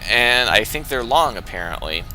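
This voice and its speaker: An excitable man casting a strategy game he is playing in, with chatty running play-by-play. His voice is bright and forward. He gets worked up quickly as the action heats up. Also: medium pitch, slight background noise. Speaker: game caster and player.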